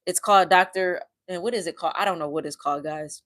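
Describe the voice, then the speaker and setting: A Midwestern American woman hosts a casual livestream, reading out viewer comments and speaking earnestly and with emotion. Her voice sits on the low side, is fairly bright, and moves fast.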